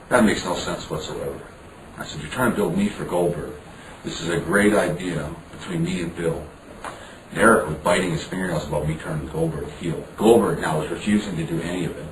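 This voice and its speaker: A man with an extremely low voice tells a story in a frank, profane way, acting out the dialogue of others. He sits well back from the mic in a roomy, echoing space with steady background noise behind him. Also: far from the mic. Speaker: interview guest. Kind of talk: candid storytelling interview.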